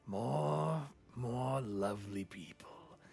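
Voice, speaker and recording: A man voicing a sly, gloating creature that possesses bodies, speaking in a slow whisper. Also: medium pitch, vocal fry, darkish tone, breathy edge, heavily acted.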